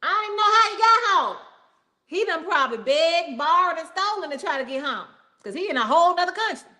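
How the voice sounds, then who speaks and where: Woman preacher, high-pitched, chatty and animated delivery with frequent asides. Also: brisk. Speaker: pastor. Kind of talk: sermon.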